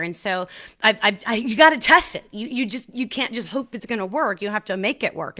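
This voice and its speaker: A woman hosting her own podcast in a casual, animated solo talk, laughing at herself and often restarting her sentences. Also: mid-range voice. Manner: excited restarts and repeated words. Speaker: podcast host.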